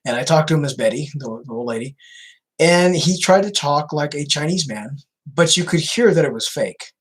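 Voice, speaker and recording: A man's voice: fairly high pitch, animated, normal speed, slightly rough, low-quality recording. A man who baits scammers, answering viewer questions in a chatty Q&A livestream, repeating himself with many fillers. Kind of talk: casual Q&A livestream.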